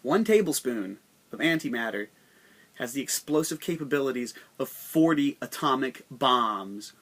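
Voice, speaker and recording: A man's voice: mid-range voice, expressive, moderate pace, a bit bright. A young American man hosting his own podcast, talking in a profane, rambling, joking monologue full of slang. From United States. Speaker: podcast host.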